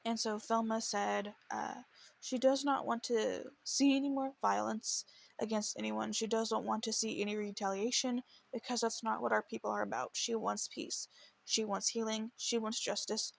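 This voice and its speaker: A woman's voice: a little high, level tone, moderate pace, gravelly. A woman hosting a true crime podcast, telling the case in an earnest, emotional way and stumbling into restarts as she reads quotes. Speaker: podcast host.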